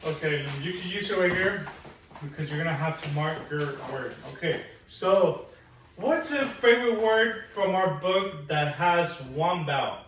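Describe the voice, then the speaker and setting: A patient, encouraging man leads a one-on-one phonics lesson, drawing out each sound slowly. His voice sits a little high, heard from a distance in a very echoey classroom with a faint hiss behind it. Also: animated, a bit bright. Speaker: phonics teacher. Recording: echoey room, mic at a distance.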